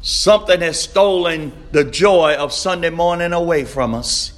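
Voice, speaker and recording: A man preaching a sermon, slow and emphatic, repeating his refrains and rising to shouts. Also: on the high side.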